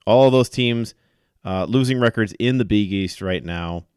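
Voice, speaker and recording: Low-voiced man in casual sports chat. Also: moderate pace, clear, resonant tone, dry recording, clean studio sound. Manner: animated storytelling, many fillers. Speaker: podcast co-host.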